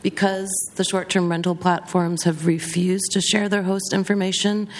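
A woman's voice: lowish voice, level tone, normal speed. A woman city commissioner speaking firmly and sternly at a public hearing. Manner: firm, stern. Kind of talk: official hearing remarks.

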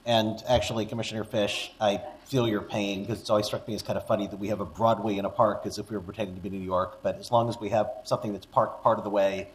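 A man serving as a city commissioner, with a low voice and a faint room hum behind him. He speaks in a measured way with a touch of dry humor. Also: little pitch movement, low-quality recording.

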